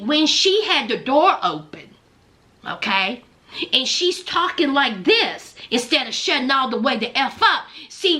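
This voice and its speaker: Female reaction commentator, very high and bright voice, sassy and blunt, with low muttered asides. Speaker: reality-show recap commentator.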